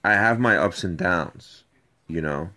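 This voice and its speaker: Low-voiced man ranting and repeating himself. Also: a little slow. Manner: animated, repetitive storytelling. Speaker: video subject ranting about an ex. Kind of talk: rambling personal rant.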